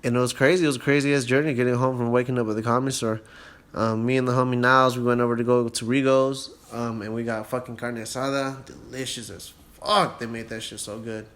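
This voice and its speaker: A young man riffing through a story on his own podcast, swearing constantly and loose in his delivery. His voice sits at a middling pitch, and he jumps up loud when he acts out other people or rants. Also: fast. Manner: profane, animated storyteller who acts out dialogue in a raised voice. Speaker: podcast host. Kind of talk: casual storytelling monologue.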